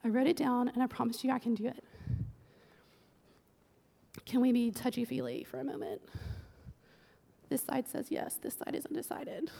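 A woman preaching a casual, humorous sermon, chatty with quick joking asides. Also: high-pitched, vocal fry, warm tone. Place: church sanctuary. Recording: long church-hall reverb.

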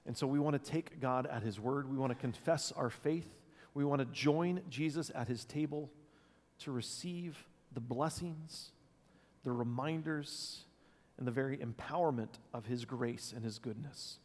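A man preaching a sermon as pastor, thoughtful and unscripted, pausing with fillers and restarts. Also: medium pitch, a little mellow. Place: church sanctuary. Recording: long church reverb.

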